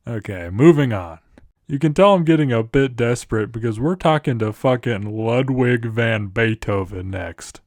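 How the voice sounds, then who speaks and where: A man's voice: mid-range voice, expressive, moderate pace, no echo, studio quality. A man reading out chatbot conversations for comedy, playful and laughing often. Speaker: YouTuber.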